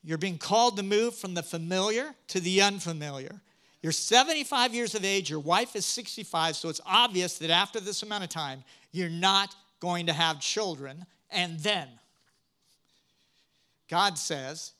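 A man preaching a sermon, humorous and animated, asking the congregation questions. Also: high voice, moderate pace. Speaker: pastor.

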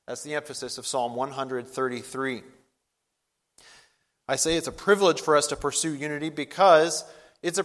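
A man preaching a sermon as a pastor. He talks earnestly, gets louder and higher for emphasis, and slows down when he reads scripture. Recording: long hall reverb.

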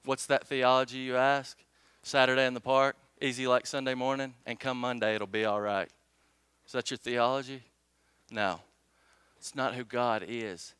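A man's voice: medium pitch, flat delivery, moderate pace, fairly bright tone, smooth, dry recording. A man preaching a sermon, reading scripture emphatically and asking the congregation rhetorical questions. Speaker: pastor.

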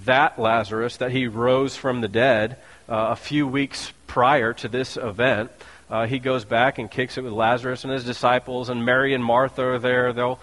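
A man preaching a sermon in a joking, conversational way, full of quick asides. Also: medium pitch, level tone, fairly bright tone. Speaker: pastor. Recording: long hall reverb.

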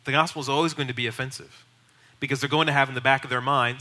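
A man's voice: mid-range voice, fairly even intonation, fast talker, bright, forceful tone. A male pastor teaching a class in a bold, emphatic, urging way. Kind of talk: teaching sermon.

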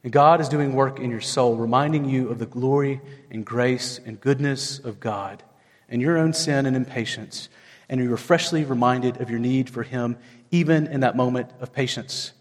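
A pastor, likely in his thirties, preaches a sermon at a moderate pace, recounting personal stories conversationally. His delivery swings widely in pitch, from loud, high peaks to low, quiet stretches, and the room leaves a long reverb tail.

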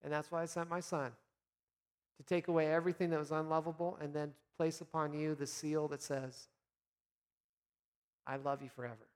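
A man speaking as a pastor, giving an earnest, encouraging devotional talk for Lent with gentle pauses. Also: fairly high pitch, level tone, clean tone, in a large hall.

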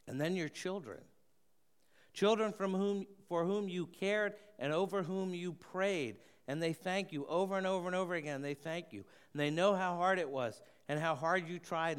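An earnest pastor preaches to his congregation. His voice is smooth and resonant, sitting a little high for a man. He often slows and lets his voice fall quiet to press a point home. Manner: earnest, slows and softens for emphasis. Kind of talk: sermon.

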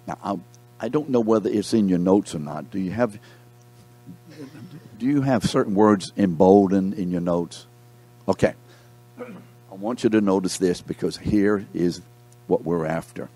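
Man teaching a Bible class, low and mellow. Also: unhurried, pauses often. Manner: reads scripture aloud, breaks off to quiz the class; repeats key words for emphasis.

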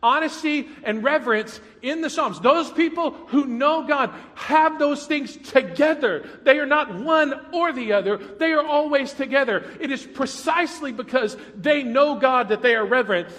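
A man preaching a sermon as pastor, animated, swinging between loud, dramatic acted prayers and quiet, intimate asides. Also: extremely high pitch, normal speed, hardly any pauses, big-room sound.

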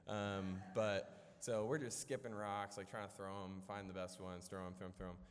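Low-voiced young man preaching in an echoey hall. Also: flat delivery, moderate pace. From Illinois, US. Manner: casual, rambling, many fillers, self-deprecating humor. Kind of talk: storytelling sermon. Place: church hall. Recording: echoey hall with long reverb.

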